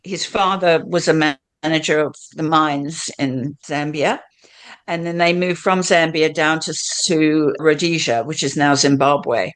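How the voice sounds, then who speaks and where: Her voice is low, steady in tone and measured in pace. The older British woman, with her mixed British, Australian and South African accent, laughs often while chattily recounting her life as an interview guest.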